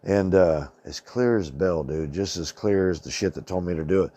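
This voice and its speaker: A man's voice: deep voice, normal speed, few pauses, warm tone, no room sound. A middle-aged man telling a personal story in a rambling, colloquial way, swearing freely and often saying "man". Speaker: channel host. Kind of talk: casual storytelling monologue.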